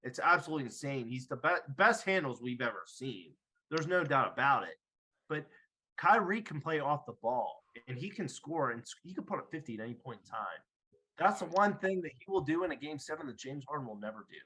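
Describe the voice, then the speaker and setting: A man's voice: medium pitch, animated, a little fast, sharp tone, a little hiss or hum, rough recording. A young man hosting a podcast, arguing his sports take emphatically and repeating himself to make his point. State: hiccuping after drinking. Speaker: podcast host. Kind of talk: casual sports debate.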